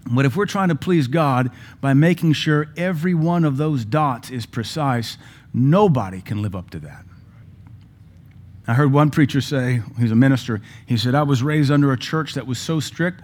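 A man's voice: medium pitch, normal speed, darkish tone. Folksy male pastor preaching. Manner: conversational, folksy preaching with asides. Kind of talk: sermon. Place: church.

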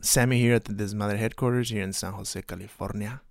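A man's voice: fairly low pitch, steady tone, a little fast, gravelly, few pauses, over loud music. A man from Texas hosting a podcast, rambling in a profane, self-mocking way. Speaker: podcast host. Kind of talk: casual podcast monologue.

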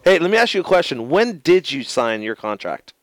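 A man's voice: a little high, sing-song, brisk, dry recording. A man co-hosting a casual chat show, brash and needling, swearing freely in teasing banter. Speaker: co-host.

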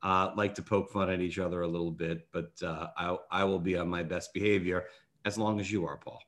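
Brief: man, podcast host, lower pitch, easygoing and jokey, lots of ums. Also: little pitch movement, brisk, a bit bright. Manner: jokey, many fillers and restarts. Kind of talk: casual interview chat.

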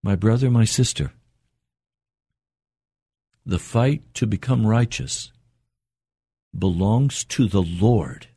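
An older man preaching an earnest radio sermon, his voice climbing higher as he presses a point. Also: takes it slowly, vocal fry, long pauses, mellow, breathy edge, no echo, clean studio sound. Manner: earnest, rising in pitch for emphasis and quotes.

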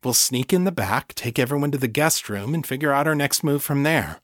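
Calm, reasonable man, steady and reassuring, in the narrator's own voice; dry read. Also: mid-range voice, moderate pace, dry recording, natural voice.

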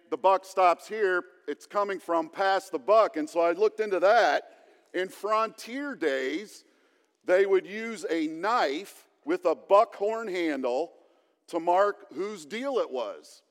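A male pastor preaching a sermon in a plain, conversational way, with touches of humor. His voice sits high for a man, and he takes his time. The church hall around him adds a long, lingering reverb. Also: animated, takes it slowly.

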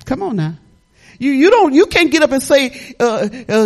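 Animated woman pastor preaching folksy. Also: high voice, normal speed. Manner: lively, folksy preaching with laughter and talk-back. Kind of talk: sermon.

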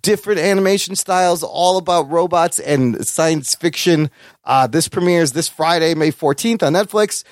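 A man co-hosting a podcast in casual chat, profane and enthusiastic, with animated swings in pitch. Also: moderate pace, no echo. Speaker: podcast co-host.

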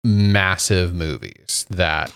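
Low, smooth man in a dry close recording. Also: animated, extremely slow, a bit bright, dry recording. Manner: stammering restarts, thinking aloud. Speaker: podcast co-host. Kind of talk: casual movie discussion.

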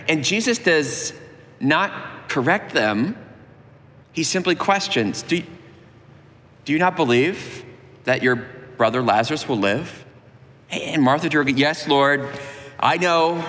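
A man in the middle of a sermon, telling the story with earnest animation and acting out the lines people speak. His voice sits at an ordinary middle pitch. It rings out with the long reverb of a large church. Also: a bit bright. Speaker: preacher.

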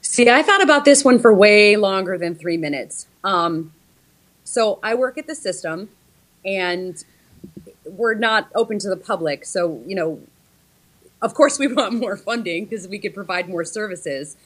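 A woman's voice: medium pitch, animated, measured pace. Hesitant woman on a video call. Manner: hesitant, frequent ums and restarts. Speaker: guest librarian. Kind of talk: casual interview over video call.

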